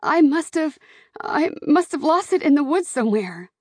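A woman's voice: high voice, sing-song, moderate pace, a little mellow, no echo, studio quality, pitched above the performer's own voice. A woman voicing a frightened young Amish woman who cries and pleads with her father in an audiobook. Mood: distraught. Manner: crying, pleading, breathless.

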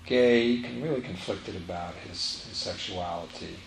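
A man's voice: deep voice, a little slow, creaky, a little hiss or hum. Man teaching in an echoey room. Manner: emphatic, repeats phrases, storytelling. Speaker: spiritual teacher. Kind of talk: teaching talk to a live audience. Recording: roomy echo, faint ambience.

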